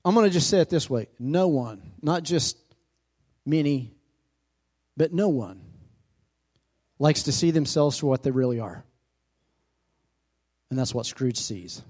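A pastor preaching a sermon in a church who calls out for amens and asks the congregation questions. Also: male voice, mid-range voice, lively intonation, a little slow, pauses often, a little mellow. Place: church sanctuary.

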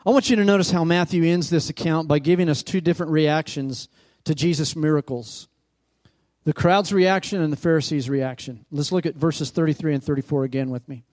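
A man's voice: fairly high pitch, brisk, a little mellow. A male pastor preaching a sermon, calling out questions to his congregation as he retells scripture. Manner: preaching with rising emphasis and call-outs to the congregation.

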